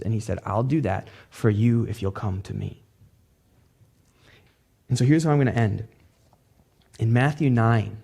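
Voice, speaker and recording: A man's voice: medium pitch, gravelly, dark tone. A man pastor preaching a sermon in a loose, conversational way, dropping casual fillers.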